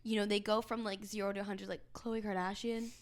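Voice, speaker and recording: A young American woman co-hosts a casual podcast, chatty and rambling with plenty of fillers. Her voice sits at an ordinary middle pitch. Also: level tone, brisk. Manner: chatty, rambling, heavy use of "like". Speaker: podcast co-host. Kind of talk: casual chat among friends.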